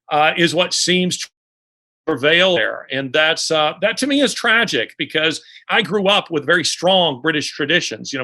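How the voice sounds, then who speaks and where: A man's voice: on the high side, pushed and bright. A man speaking as a guest in an interview, talking unhurriedly with many restarts and fillers. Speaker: guest author. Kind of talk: conversational interview.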